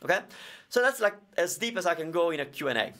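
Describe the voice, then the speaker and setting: A man's voice: fairly high pitch, sing-song, quick pace, pushed and bright. A man with Italian as his first language, teaching grammar in a live-streamed question and answer lesson, explaining with everyday examples.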